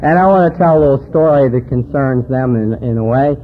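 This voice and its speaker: A man's voice: mid-range voice, a little fast, a little hiss or hum. Folksy man telling jokes at a conference. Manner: folksy joke-telling storyteller. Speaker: conference speaker. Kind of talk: recovery meeting talk with jokes. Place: conference hall. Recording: tinny phone-like hall recording.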